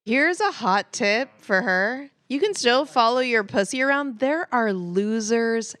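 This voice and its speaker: A woman's voice: fairly high pitch, expressive, unhurried, fairly bright tone, no room sound. A woman co-hosting a comedy podcast, talking bluntly with jokes and swearing. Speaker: podcast co-host. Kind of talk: casual comedy podcast chat.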